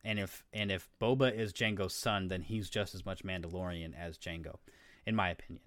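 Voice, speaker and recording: Male podcast co-host, low-ish voice, rambling and profane, dry studio sound. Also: steady tone, fairly quick, fairly bright tone, no echo. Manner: rambling, swears casually, explains eagerly. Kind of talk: casual chat.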